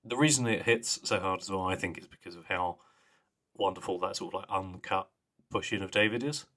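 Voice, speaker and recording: A man's voice: sits low, brisk, sharp tone. A young man co-hosting a podcast, chatting casually with laughs and trailing mumbles. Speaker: podcast co-host. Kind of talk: casual chat.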